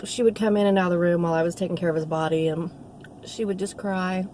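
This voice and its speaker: A middle-aged woman who works as a nursing assistant tells a rambling, heartfelt story while talking to the camera in a casual vlog. Her voice is on the low side, warm and steady, and she speaks fast over a little hiss or hum.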